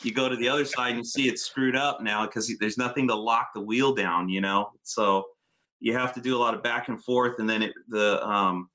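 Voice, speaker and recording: A man telling car stories in casual, profane, animated chat. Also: mid-range voice, moderate pace.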